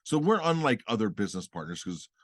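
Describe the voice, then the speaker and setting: Lively, teasing middle-aged man. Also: lowish voice, fast, no room sound, studio quality. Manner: teasing, playful, laughs often. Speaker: podcast co-host. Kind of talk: casual chat.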